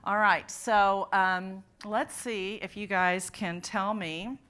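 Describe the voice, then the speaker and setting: A literacy presenter gives a phonics workshop at a conference, quizzing her audience of teachers in a hall. Her medium-pitched voice is clear, resonant and fairly bright, with fairly even intonation and a slow pace.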